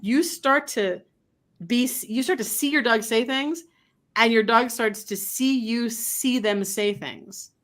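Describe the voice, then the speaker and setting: A woman's voice: on the high side, slow pace, a bit bright. A woman speaking as a guest dog trainer in a casual interview, talking animatedly and acting out quoted voices.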